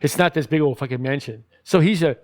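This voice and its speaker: A man's voice: a little high, fast talker, darkish tone. A man ranting in casual commentary, heated and profane, rambling with many restarts.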